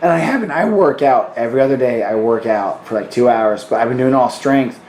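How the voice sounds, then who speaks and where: A man's voice: mid-range voice, lively intonation, brisk, a little mellow, slight background noise. A man in casual chat, commenting on a sparring video, laughing often and swearing, with lots of "like" fillers. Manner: laughing, profane, many "like" fillers. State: tired from sparring. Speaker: co-host. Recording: roomy echo.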